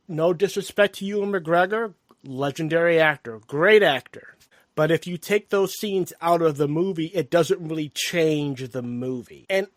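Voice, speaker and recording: A man co-hosting a film podcast, talking casually and acting out character lines in quick bursts. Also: high voice, no echo, clean studio sound. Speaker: podcast co-host.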